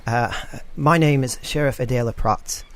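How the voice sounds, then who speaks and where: A man's voice: mid-range voice, normal speed, a little hiss or hum, lightly acted. A man voicing a composed, kind female town sheriff in a tabletop game, formal and apologetic.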